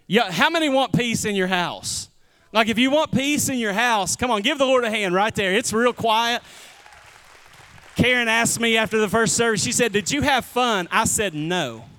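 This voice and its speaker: In a church sanctuary thick with long hall reverb, a man preaches in a sharp, high-pitched voice. He keeps the sermon conversational, calling out to the people in the pews like a pastor talking with his flock.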